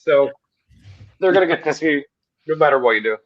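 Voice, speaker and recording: A man's voice: fairly high pitch, lively intonation, brisk, no echo. Wry man on dull lo-fi audio. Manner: wry, lots of "like". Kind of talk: casual chat. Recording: muffled lo-fi call audio.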